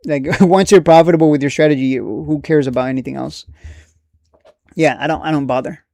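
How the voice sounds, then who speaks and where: A man's voice: on the high side, fairly quick, creaky, warm tone. A man with a slightly raised voice talks in a loose, foul-mouthed ramble on a live stream. He brushes worries off with blunt dismissals and keeps restarting his sentences. The sound is dry and close, with no room echo. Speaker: stock market streamer. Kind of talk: casual live-stream commentary.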